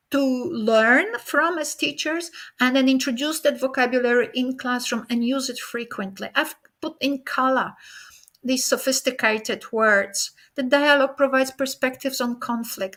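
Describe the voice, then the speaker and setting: A woman delivers a conference keynote in a high, bright, forceful voice. She talks straight to her audience. She keeps checking in with rhetorical questions as she explains. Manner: addresses the audience directly. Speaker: keynote speaker.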